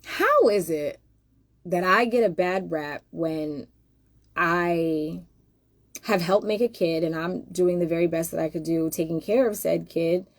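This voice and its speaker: A woman's voice: fairly low pitch, a little mellow, dry recording. A woman hosting a casual monologue, emphatic and rhetorical, addressing viewers directly. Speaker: host.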